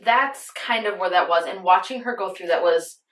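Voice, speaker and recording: A woman's voice: on the low side, normal speed, a bit bright. A young woman beauty vlogger chatting to viewers while getting ready, telling an earnest personal story and calling her audience "you guys". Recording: roomy echoey room.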